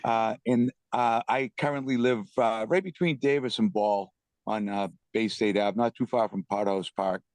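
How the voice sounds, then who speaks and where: A man's voice: on the low side, fairly even intonation, moderate pace, darkish tone, dry recording. A man from the Boston area, a band member and guest, telling stories casually and loosely over a video call. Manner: loose, repeats himself while telling stories. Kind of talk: casual storytelling.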